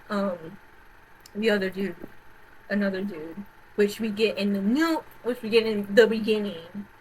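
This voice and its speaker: A woman vlogger in a casual, rambling rant, often repeating herself and swearing, swinging between loud outbursts and quiet mutters. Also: mid-range voice, a little hiss or hum, low-quality recording. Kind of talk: casual rant about horror movies.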